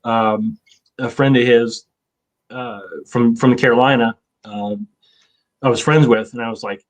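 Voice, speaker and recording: A man's voice: medium pitch, fairly even intonation, measured pace. A man in his fifties, hosting a casual chat, rambling with lots of fillers and swearing. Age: 50s. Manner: rambling, profane, with many fillers. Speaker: show host.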